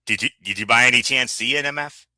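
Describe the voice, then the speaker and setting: Bright-voiced man in chatty recap banter. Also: medium pitch, quick pace, dry recording. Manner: animated, stammering restarts. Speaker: podcast co-host. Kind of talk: casual wrestling recap chat.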